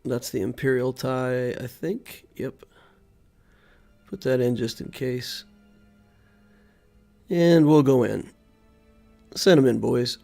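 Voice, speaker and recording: A man's voice: mid-range voice, slow pace, gravelly, pauses often, a little mellow, soft background music. A man streaming a video game, commenting live and thinking aloud as he plays, often muttering to himself.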